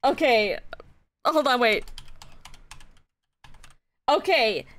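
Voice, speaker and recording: A woman streaming and chatting, giddy, laughing a lot and swearing as she talks in excited bursts. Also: a little high, very slow. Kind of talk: excited casual stream chat.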